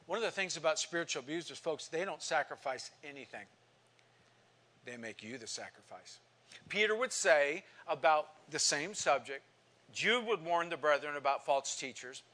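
A man in his sixties teaching a Bible class in sermon style, reading scripture with passion and swinging from soft to loud. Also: on the high side, lively intonation, moderate pace. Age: 60s.

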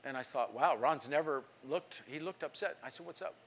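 A middle-aged male pastor preaching a sermon, telling a story and acting out the people in it, swinging from emphatic lines to hushed ones. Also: a little high, a little fast, slightly rough. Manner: storytelling, acting out quoted speech; emphatic preaching with sudden drops to quiet.

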